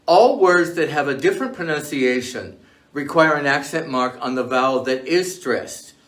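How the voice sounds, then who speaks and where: A man reading a scripted language lesson in a measured, clear way, slowing down to lay out example words. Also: on the high side, animated, fairly bright tone. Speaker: language teacher.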